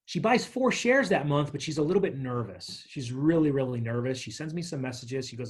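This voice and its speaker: Husky-voiced man teaching money basics. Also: medium pitch, a little fast. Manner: energetic, chatty, tells stories with acted quotes. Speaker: financial literacy workshop presenter. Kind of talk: workshop talk walking through a workbook.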